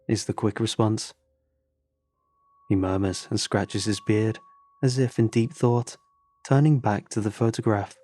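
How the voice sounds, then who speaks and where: A man narrating a horror story in a steady, measured storytelling voice. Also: fairly low pitch, dry recording.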